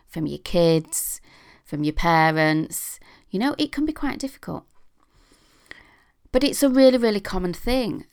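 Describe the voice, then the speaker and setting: A woman's voice: on the low side, clear, resonant tone. A middle-aged British woman hosting a podcast, talking casually and chattily with a self-deprecating sense of humour. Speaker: podcast host.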